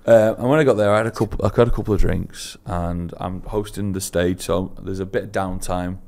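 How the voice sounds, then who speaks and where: A young man co-hosting a podcast, telling an embarrassing story in a casual chat, laughing at himself, his voice swinging between loud and hushed. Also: sits low, fairly even intonation, fairly quick, gravelly. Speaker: podcast co-host.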